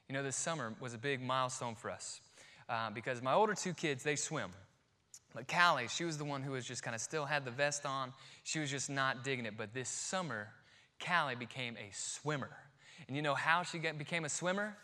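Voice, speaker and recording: A man in his thirties, a pastor preaching a sermon, swinging from quiet, slow emphasis to near-shouting. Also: medium pitch.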